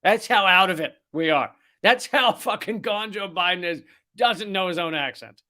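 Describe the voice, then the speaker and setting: A man's voice: high-pitched, moderate pace, sharp tone. A man hosting a comedic political rant, sarcastic and profane. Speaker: host.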